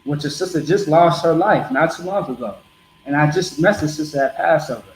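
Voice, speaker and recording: A man's voice: fairly high pitch, brisk, echoey room, a little hiss or hum, poor audio. A man preaching bluntly to a group in a streetwise, repetitive way.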